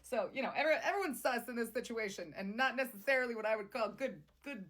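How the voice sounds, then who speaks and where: A woman's voice: fairly high pitch, expressive, fast, fairly bright tone. A woman hosting a casual recap, chatting sarcastically and speaking straight to her viewers. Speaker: host.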